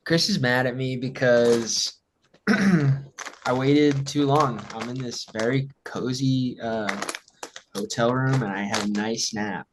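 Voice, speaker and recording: A man's voice: mid-range voice, takes it slowly, noisy background. Laid-back joking man in a hotel room. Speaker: podcast co-host. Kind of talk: casual podcast chat.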